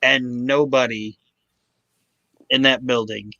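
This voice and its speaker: A man co-hosting a casual podcast chat, excited and swearing freely as he talks. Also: medium pitch, lo-fi sound, a little hiss or hum. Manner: excited, swears freely, quotes others in quick put-on voices. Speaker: podcast co-host.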